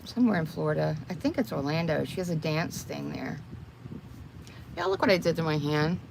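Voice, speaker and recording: An older woman chats with her livestream audience, whom she calls y'all, while applying makeup, the home recording noisy around her. She talks a little fast in a low, gravelly voice with a darkish tone.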